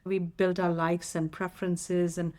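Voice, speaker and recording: A woman's voice: lowish voice, flat delivery, a little slow, a little mellow. A middle-aged woman from India, a mum raising children abroad, chatting earnestly and reflectively as a podcast co-host. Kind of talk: casual chat.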